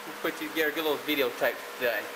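A man talks fast and a bit high from right behind the camcorder, chatty and teasing as he films his family. The home video recording carries a steady hiss under his voice. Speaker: person filming the family video. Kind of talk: casual chat behind the camera.

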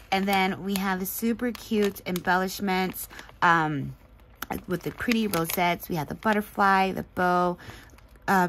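Brief: woman, craft vlog host, effusive, soft paper crinkle in back. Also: lowish voice, slight background noise, low-quality recording. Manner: gushing, chatty, frequent laughs. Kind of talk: casual craft mail unboxing.

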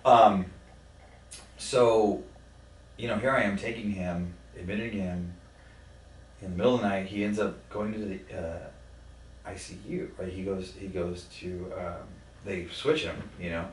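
A man telling a personal story in a podcast conversation, blunt and profane, halting with many fillers. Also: low-pitched, fairly even intonation, a little hiss or hum. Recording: roomy sound from a distant mic.

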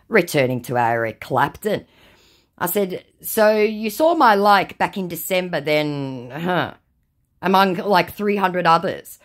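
A woman, sarcastically reading out her chats with scammers and confronting one angrily by phone. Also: fairly low pitch. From Australia. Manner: sarcastic, switches to sharp and angry on the phone. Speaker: scam-baiting video host.

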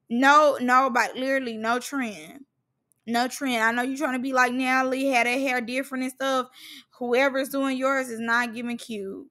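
Sassy high-voiced woman recapping reality TV. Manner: sassy, shady, animated, mocks cast members in put-on voices. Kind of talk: casual reality show recap rant.

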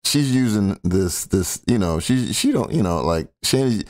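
A man's voice: lowish voice, expressive, normal speed. A man hosting a casual reaction stream, commenting bluntly and crudely on clips with joking asides.

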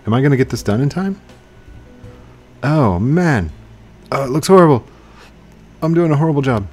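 A young man giving casual let's-play commentary as a gaming YouTuber, excitable, yelling at other players and then apologizing, laughing often. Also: medium pitch, normal speed, long pauses, faint music behind.

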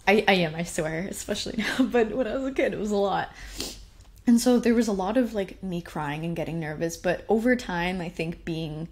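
A woman's voice: mid-range voice, moderate pace. A young woman telling a personal story at a conference, chatty and self-deprecating, often laughing. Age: young adult. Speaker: conference speaker.

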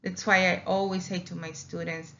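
A woman's voice: on the low side, little pitch movement, moderate pace, a bit bright, muffled recording, slight background noise. A woman teaching a recorded Spanish lesson, patiently repeating words for emphasis. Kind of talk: recorded slideshow lecture.

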